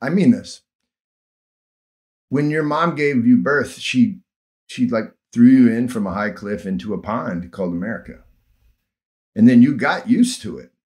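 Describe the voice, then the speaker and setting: A man in his fifties telling stories about living abroad in a casual conversation, animated and quick to laugh. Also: medium pitch. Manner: animated, acts out village voices, laughs often. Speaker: former field worker telling stories.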